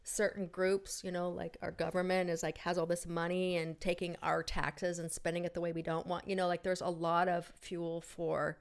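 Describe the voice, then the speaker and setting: A woman's voice: lowish voice, flat delivery, moderate pace, gravelly, few pauses, clear, resonant tone. A middle-aged woman co-hosting a casual chat and telling a story with many fillers and restarts. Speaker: podcast co-host.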